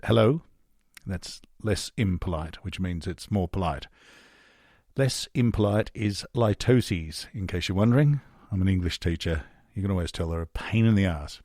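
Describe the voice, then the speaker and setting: A man's voice: sits low, normal speed, a little mellow, dry recording, clean studio sound. An Australian man narrating a podcast in a casual, chatty, self-deprecating way, a former drama teacher. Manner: chatty, self-deprecating, drops into silly character voices.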